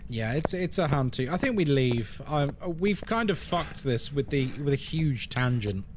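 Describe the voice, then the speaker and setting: A man's voice: medium pitch, lively intonation, normal speed, noisy background. A man hosting a casual game live stream, joking and laughing with his chat. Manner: playful, joking, laughs often.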